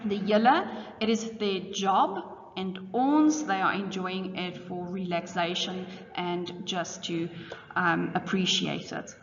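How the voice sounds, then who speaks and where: A woman's voice: on the low side, slow, a little hiss or hum. Woman teacher explaining poetry. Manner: reads questions in Afrikaans then explains in English. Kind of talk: explaining exam questions. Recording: dull audio with long reverb.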